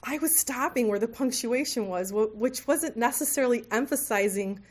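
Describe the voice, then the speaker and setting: A woman's voice: on the high side, moderate pace. A woman teaching a women's Bible study group, conversational and lightly humorous, sometimes correcting herself mid-sentence. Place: meeting room with tables.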